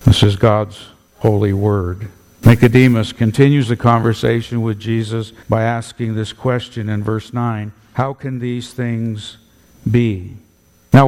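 A male pastor preaching a sermon with emphatic, animated delivery in a church. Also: mid-range voice. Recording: long hall reverb.

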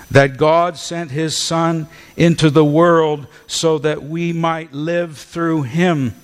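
A man preaching a sermon to a congregation, slow and emphatic, repeating words and drawing out key phrases. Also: on the high side, steady tone, clean tone. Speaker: pastor. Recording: long church hall reverb.

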